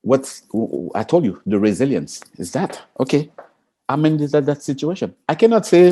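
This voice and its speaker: A man being interviewed as an Olympic sprinter, telling stories with lively energy, acting out quotes in a high excited voice and laughing. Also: normal speed, breathy edge. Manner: expressive, jumps into high excited pitch, acts out quotes, laughs. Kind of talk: animated interview storytelling.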